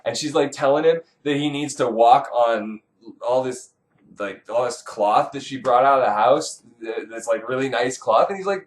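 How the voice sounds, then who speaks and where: A man's voice: medium pitch, moderate pace. A man retelling an old myth as comedy, sarcastic, profane and rambling. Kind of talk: irreverent comic retelling.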